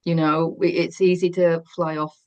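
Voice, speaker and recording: A woman giving a spiritual tarot reading, speaking gently and calmly, often laughing softly. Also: on the low side, normal speed. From United Kingdom. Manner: soft, gentle, breathy calming guidance with frequent laughs. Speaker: tarot reader.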